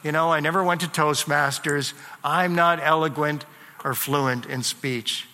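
A man preaching a sermon in a church sanctuary, his first language German. He talks conversationally, with asides and filler words, in a brisk, bright, slightly higher voice. The sound carries a long hall reverb. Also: fairly even intonation. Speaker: pastor.

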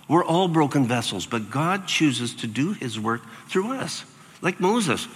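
Older male pastor preaching in a reverberant hall. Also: slow pace. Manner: animated, acts out quoted voices with big jumps in pitch. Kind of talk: sermon.

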